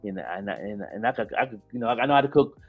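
A man's voice: on the low side, animated, very fast, breathy edge. A man from Buffalo, New York, with a Buffalo accent, chatting casually as a podcast guest, with lots of restarts and easygoing slang. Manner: repetitive restarts, laid-back slang. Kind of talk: casual interview chat. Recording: dull lo-fi sound with faint music.

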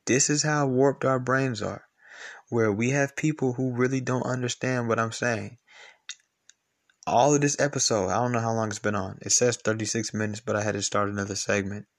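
A man's voice: medium pitch, fairly even intonation, normal speed. A man hosting a podcast, ranting in a blunt, profane, repetitive and argumentative way. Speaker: podcast host. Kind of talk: casual podcast rant.

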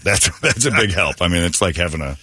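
A man's voice: sits low, expressive, a little fast, sharp tone, slightly rough, no echo. A man hosting a comedy talk show, telling crude, exaggerated stories and putting on mocking voices. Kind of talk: comedic banter.

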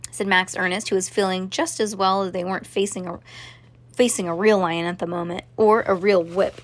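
A woman narrating a children's story aloud, steady, with small restarts. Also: mid-range voice, fairly quick. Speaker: reader.

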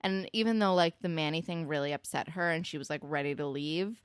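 Podcast co-host, woman, low pitch, dry sound, eager, cursing, filler-heavy chatter. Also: fairly quick, clean tone, dry recording. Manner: enthusiastic, swears freely, many fillers. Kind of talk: casual TV recap chat.

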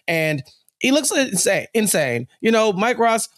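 A man co-hosting a podcast, recapping a TV episode in casual chat, animated and sassy, scolding the characters directly. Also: high voice, a little slow, no echo, clean studio sound. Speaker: podcast co-host.

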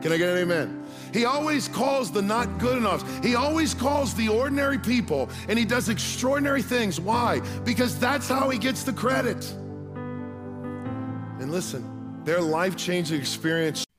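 A man preaching a sermon, telling a personal story and then building to loud, fervent preaching. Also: very high voice, expressive, normal speed, music in the background. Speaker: pastor.

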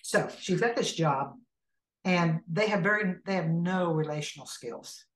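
A woman with a lowish voice speaks a little slowly, with crowd noise and a roomy echo in the background. She leads an inner healing ministry and, as a guest in a conversational interview, tells a story animatedly, acting out the people in it.

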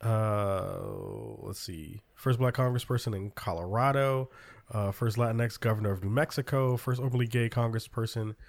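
A man's voice: mid-range voice, moderate pace. Casual man hosting a talk show. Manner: loose, filler-heavy rundown of news. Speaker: podcast host. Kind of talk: casual political chat.

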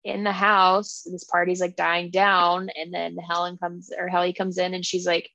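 Woman, podcast host, casual book chat, rambling, gravelly voice, dry close sound. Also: fairly low pitch, completely flat delivery, moderate pace, pushed and bright, dry recording, low-quality recording. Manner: rambling, filler-heavy. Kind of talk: casual chat, retelling a plot.

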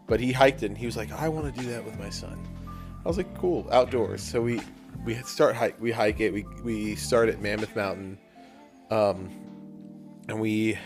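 Young man, podcast co-host, casual storytelling, lowish voice, faint music underneath. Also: normal speed. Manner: animated storyteller, acts out his younger self. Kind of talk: casual chat.

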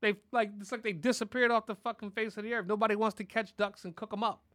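A man's voice: sits high, steady tone, quick pace, a bit bright. A man hosting a podcast, ranting in casual chat, heated and repetitive, swearing constantly. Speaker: podcast host. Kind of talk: casual profane rant.

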